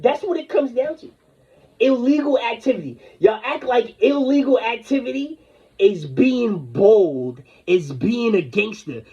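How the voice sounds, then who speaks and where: A man's voice: high voice, vocal fry, breathy edge. A man delivering an angry, rambling, confrontational rant full of profanity. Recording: dull lo-fi recording.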